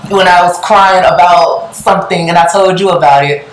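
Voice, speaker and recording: Expressive woman podcast co-host, echoey room. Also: lowish voice, normal speed. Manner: emotional, expressive and heartfelt. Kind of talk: casual chat.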